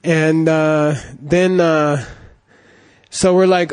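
Chatty man teaching, fairly high voice. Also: unhurried, a little mellow. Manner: chatty and digressive, with constant "you know" and "okay?" check-ins. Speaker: Buddhist teacher. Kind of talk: casual dharma talk with anecdotes.

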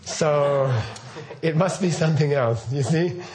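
With a crowd audible behind him, a middle-aged man speaks a little slowly in a voice on the high side. He's a Buddhist teacher giving a loose, casual talk, asking his listeners questions and often saying "okay" and "right."

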